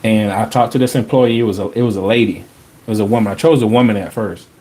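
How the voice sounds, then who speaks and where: A male podcast host with a lowish voice talks fast, telling a personal story in a casual, animated way. He leans on slang and repeats phrases for emphasis.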